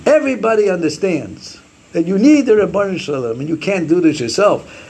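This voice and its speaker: Animated, gravelly-voiced man teaching Torah. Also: sits high, brisk. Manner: animated, quotes Hebrew sources and acts out sayings. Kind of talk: Torah class lecture.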